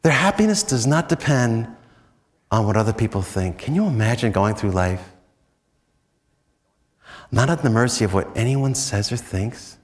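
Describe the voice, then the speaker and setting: Chatty American priest in a reverberant hall. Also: male voice, medium pitch, expressive, normal speed, long pauses. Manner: chatty, self-mocking, many "you know"s. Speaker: priest giving a spiritual talk. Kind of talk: storytelling retreat talk.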